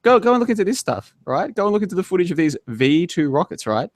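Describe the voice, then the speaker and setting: A man's voice: sits high, sing-song, fast, no room sound. Argumentative man in a dry online chat. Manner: argumentative, rambling, keeps asking "right?". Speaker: podcast guest. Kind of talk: casual online debate chat.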